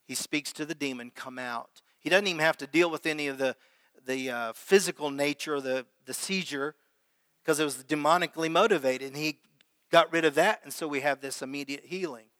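A man's voice: a little high, fairly quick, fairly bright tone. A man preaching a sermon as pastor, talking conversationally and putting questions to his congregation. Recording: long hall reverb.

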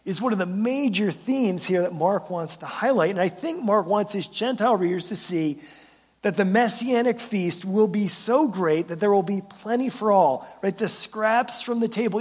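A man's voice: sits high, moderate pace, breathy edge. A man preaching a sermon as pastor, talking conversationally, often checking in with "right?" and repeating words as he starts sentences. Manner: conversational preaching with frequent "right?" tag questions.

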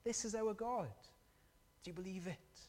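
A man preaching a sermon, animated and storytelling, asking the congregation questions. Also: sits high, normal speed, big-room sound.

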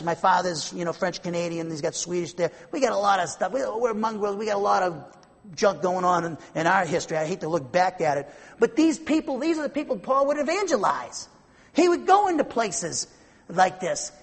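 Male preacher, husky voice, teaching Greek word by word, long hall reverb. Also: high voice. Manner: explains Greek word by word, stumbling over pronunciations; emphatic, swings between loud bursts and quiet asides. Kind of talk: expository Bible-teaching sermon.

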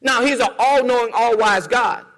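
A man's voice: very high voice, normal speed, a bit bright, long reverb tail. A man preaching a sermon in a church, rhythmic and repetitive, calling on the congregation to respond. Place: church sanctuary.

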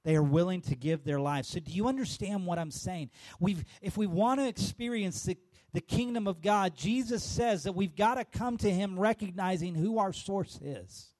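A male pastor preaching a sermon with call-and-response and bursts of shouting. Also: sits high, moderate pace.

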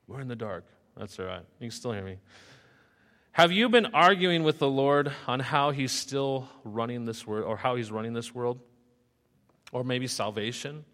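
A male pastor preaching in a lilting, rhyming rhythm, at a middle pitch. His voice carries the long reverb of a large hall. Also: a bit bright. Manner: rhythmic, sing-song rhyming delivery. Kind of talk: sermon with rhyming storytelling.

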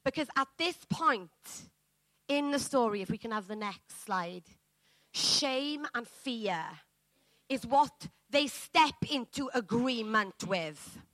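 A woman's voice: on the high side, expressive, slow, a bit bright, no echo, rough recording. A woman preacher giving a sermon, reading scripture and building to fervent, earnest emphasis. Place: church.

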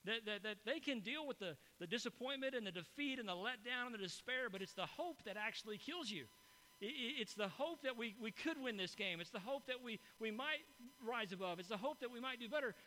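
Middle-aged male pastor, high bright voice, chatty sermon storyteller, faint hum. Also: animated, fairly quick, poor audio. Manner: conversational storytelling, frequent "right?" asides. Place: church hall before a congregation.

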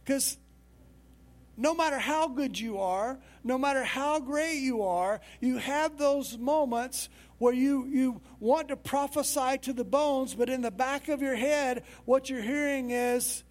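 A man's voice: extremely high pitch, a little slow. A male pastor preaching a sermon in a conversational, storytelling way.

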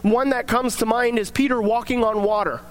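A young man with a strikingly high voice gives a casual devotional talk. He rambles in a chatty, filler-heavy way as he tells a story and draws a lesson from it. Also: steady tone, moderate pace. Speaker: devotional speaker.

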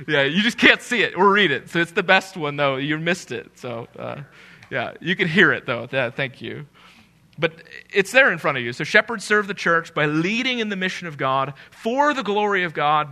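A pastor preaching a live sermon in church speaks on the high side with a sharp tone. He jokes with his congregation, slowly repeating key phrases to drive them home.

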